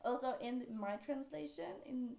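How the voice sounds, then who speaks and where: A woman's voice: sits high, moderate pace, creaky, warm tone. A young woman from Norway with a Norwegian accent, chatting casually about a book with frequent sidetracks and fillers. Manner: rambling, sidetracks often, many fillers. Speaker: book vlogger. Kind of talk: casual chat. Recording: echoey room.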